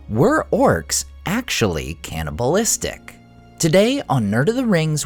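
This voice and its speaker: A man hosting a fantasy lore channel, giving expressive scripted narration. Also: mid-range voice.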